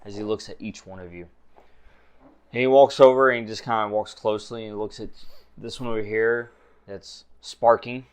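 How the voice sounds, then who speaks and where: A man narrating a tabletop game as game master, relaxed and full of fillers. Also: fairly low pitch, normal speed, clear, resonant tone.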